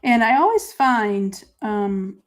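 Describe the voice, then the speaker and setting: A woman hosting a live crafting show, chatting with viewers and talking through each step, her voice dropping to quiet murmurs while she writes. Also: medium pitch, lively intonation, slow pace. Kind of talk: live crafting chat, answering viewer comments.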